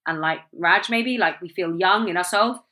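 A woman's voice: fairly low pitch, normal speed. A woman in her thirties, chatting candidly and with feeling on a podcast. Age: 30s. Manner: candid, animated, swears. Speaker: podcast host. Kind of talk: casual chat.

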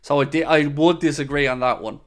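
This young podcast host's voice runs on the high side, and he talks briskly. He goes through comments from a live chat in a relaxed, opinionated manner, using frequent fillers and asides.

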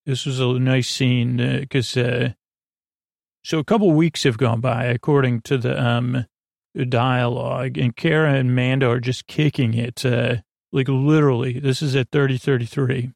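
A man hosting a sleepy bedtime podcast, rambling through an episode recap in an unhurried way with lots of fillers. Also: medium pitch, steady tone, vocal fry, a little mellow, no room sound, studio quality. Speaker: podcast host.

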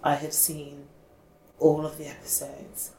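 A woman in relaxed chat, gushing and talkative and heavy on filler words. Her voice sits fairly low. The recording has a roomy echo and a faint hiss behind it. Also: unhurried, vocal fry. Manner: gushing, chatty, fillers like "like" and "oh my God". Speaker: podcast co-host. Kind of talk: casual chat.

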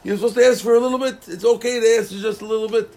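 A man with a slightly high voice teaches a Talmud class. He reads Aramaic and Hebrew phrases and explains each in plain terms, with lively energy. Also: very fast.

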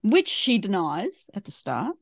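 A woman's voice: medium pitch, huge pitch swings, unhurried, creaky. A woman co-hosting a casual recap podcast, retelling scenes with easy laughter. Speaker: podcast co-host. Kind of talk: casual episode recap chat.

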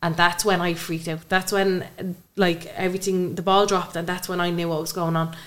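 A woman's voice: lowish voice, level tone, normal speed. A young woman, a podcast guest, earnestly telling a personal story and acting out remembered dialogue.

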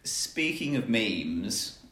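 A man's voice: fairly low pitch, sing-song, very slow, a bit bright. A man, co-hosting a casual podcast chat in a playful, joking, rambling way. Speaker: podcast co-host. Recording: roomy echo.

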